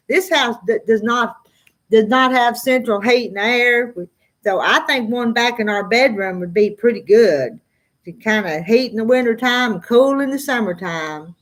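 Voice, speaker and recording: A woman's voice: on the high side, fairly bright tone. A middle-aged woman with a Southern drawl, chatting casually with viewers on a live stream and reading out their comments. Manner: slow drawling, chatty, often laughs. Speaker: farm vlogger answering live chat.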